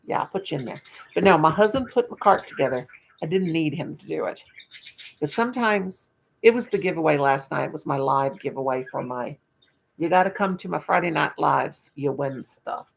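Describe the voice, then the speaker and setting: A woman's voice: low voice, expressive, moderate pace, vocal fry, slightly rough. An older woman, hosting a casual livestream chat with viewers, folksy and self-mocking, laughing at her own jokes. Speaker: livestream host.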